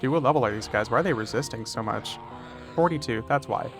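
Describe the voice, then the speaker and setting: A man with a medium-pitched, fairly bright voice talks at a quick pace over soft background music. He's livestreaming a game and chatting casually, laid-back and joking, swearing freely and saying "dude" a lot.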